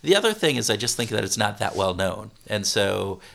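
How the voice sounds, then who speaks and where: A man being interviewed as a consultant, speaking in a halting way with many restarts and repeated words. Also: on the low side, big pitch swings, vocal fry, a bit bright. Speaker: consultant guest. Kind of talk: interview conversation.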